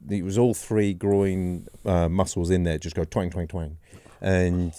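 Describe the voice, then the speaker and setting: Podcast guest, man, 40s: low mellow voice, dry studio sound, rambling self-deprecating storyteller. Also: level tone, a little slow, dry recording. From England. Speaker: podcast guest, former goalkeeper. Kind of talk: casual storytelling.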